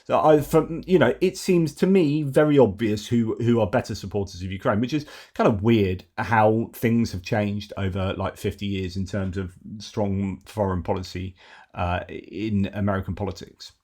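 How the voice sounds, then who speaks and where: A man's voice: lowish voice, moderate pace, darkish tone. A man hosting a news commentary channel, talking casually and rambling with fillers and restarts.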